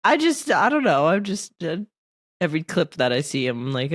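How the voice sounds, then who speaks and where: A woman's voice: deep voice, very animated, moderate pace, dry recording, studio quality. A woman co-hosting a podcast, chatting casually and giggling. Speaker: podcast co-host. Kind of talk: casual chat.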